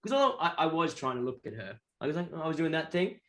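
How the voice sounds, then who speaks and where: Aussie guy telling a wild story, lively, a bit high-pitched, swears a lot. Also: quick pace. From Australia. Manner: animated, acts out other people's voices; swears casually. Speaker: guest musician. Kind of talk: casual storytelling.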